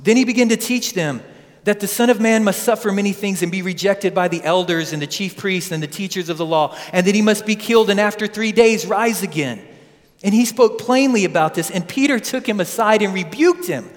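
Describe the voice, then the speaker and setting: A man preaching a sermon, retelling scripture with lively asides to his congregation in a church. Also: high-pitched, fairly quick. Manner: animated storytelling with asides to the congregation. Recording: long hall reverb.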